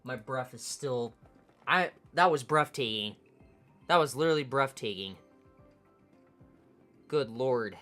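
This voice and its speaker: A woman streamer giving casual, low-key commentary, murmuring card names half to herself. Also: lively intonation, slow, long pauses, fairly bright tone, soft background music.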